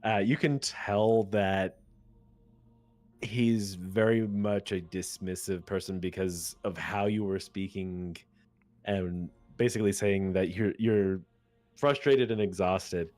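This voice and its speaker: A man narrating as game master in a tabletop game, casual and halting with lots of fillers. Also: sits low, steady tone, a little mellow, no echo.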